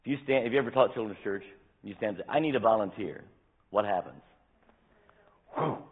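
A male pastor preaching a sermon with animated delivery, acting out scripture quotes, his voice tiring. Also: fairly low pitch, quick pace, husky, narrow, tinny audio. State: voice tiring, dry throat. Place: church sanctuary.

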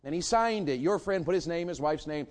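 A man's voice: fairly high pitch, animated, brisk, darkish tone. A middle-aged man, preaching a sermon and firing rhetorical questions at his congregation. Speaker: pastor.

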